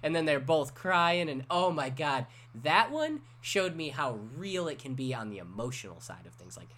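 A man in a casual podcast chat, telling a story with animated energy and swearing freely. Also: fairly high pitch, normal speed.

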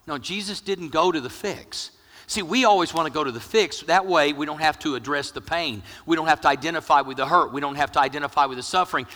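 A middle-aged male pastor preaching with jokes, swinging between loud emphasis and hushed near-whispers. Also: on the high side, expressive, brisk, big-room sound. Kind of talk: sermon.

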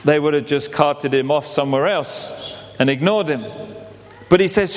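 A man preaching a sermon, telling it as an animated story and acting out the quotes. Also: on the high side, normal speed. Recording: long hall reverb.

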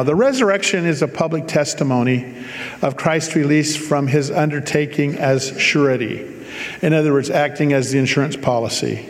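A man's voice: fairly high pitch, long reverb tail. A man preaching a sermon, reading scripture aloud and breaking off for casual, joking asides to explain it.

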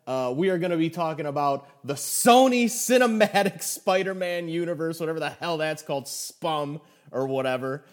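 A young man co-hosting a casual podcast, playful and quick to laugh. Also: fairly high pitch. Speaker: podcast co-host.

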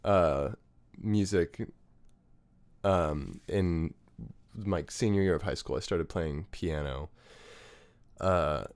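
A young man with a very deep, smooth, clear voice, talking as a guest on a podcast. He rambles loosely, fills his sentences with "like" and restarts, and chuckles between thoughts. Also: slow, long pauses. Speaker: guest musician. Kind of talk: casual podcast interview.

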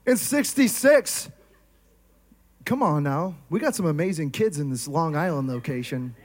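High-pitched guy pastor preaching, energetic, keeps asking the crowd stuff. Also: unhurried. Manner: energetic, asks the crowd questions. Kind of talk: sermon.

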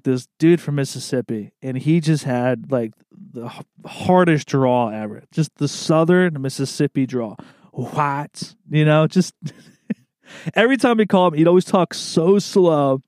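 A man's voice: medium pitch, a little mellow, clean tone, dry recording, clean studio sound. A man hosting a podcast in casual chat. He talks loosely, swears often and laughs a lot. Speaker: podcast host.

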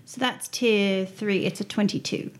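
Calm slow-talking woman player. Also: mid-range voice, noisy background. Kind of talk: playing a tabletop game.

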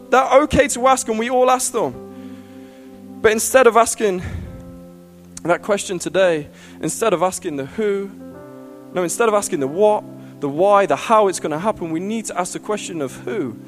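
High-voiced man preaching with passion. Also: lively intonation, normal speed, soft background music. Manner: passionate, builds to loud pleading climaxes. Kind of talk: sermon.

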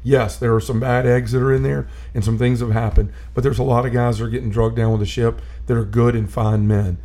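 Gravelly earnest man telling stories. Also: mid-range voice, flat delivery, fairly quick, dark tone. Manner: earnest storyteller, restarts and repeats himself. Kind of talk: casual conversation about faith.

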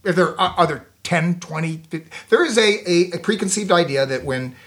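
A man's voice: high voice, brisk, a bit bright. A middle-aged man from Florida with a Southern US accent, a podcast guest who talks emphatically, repeating and restarting phrases. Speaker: guest, actor and martial artist. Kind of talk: casual podcast chat.

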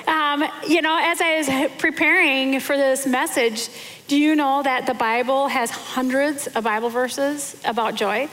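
Chatty preaching woman, high voice, hall reverb. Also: fairly bright tone. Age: 40s. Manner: chatty, self-deprecating storytelling with many fillers. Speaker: pastor's wife preaching. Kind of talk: sermon. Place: church hall.

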